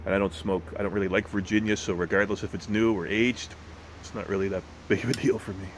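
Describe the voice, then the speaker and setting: A man's voice: lowish voice, fairly even intonation, quick pace, slight background noise, low-quality recording. A man casually rambling in a vlog about pipe tobacco, often restarting his sentences and swearing. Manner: rambling, profane, self-correcting.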